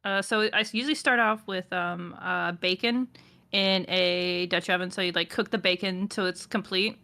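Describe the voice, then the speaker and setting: A woman's voice: on the low side, steady tone, normal speed, creaky, pushed and bright. A woman co-hosting a livestream, chatting casually with fillers and small laughs. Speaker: co-host.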